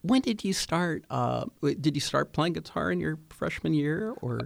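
Male radio host, gravelly voice, dry studio sound, halting and rambling with lots of fillers. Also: fairly high pitch, animated, no room sound. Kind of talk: radio interview.

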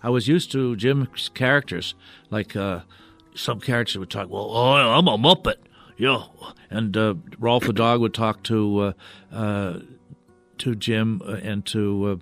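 An older man, a puppeteer, telling stories in a halting, rambling way as a guest in a radio studio. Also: on the low side, soft background music. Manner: rambling, halting, full of restarts. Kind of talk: radio interview storytelling.

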